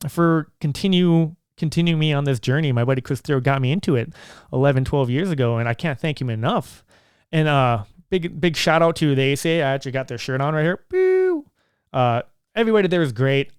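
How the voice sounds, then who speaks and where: A man's voice: mid-range voice, darkish tone, clear, resonant tone, no echo, clean studio sound. A man hosting his own podcast, talking in a casual, earnest and rambling way. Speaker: podcast host.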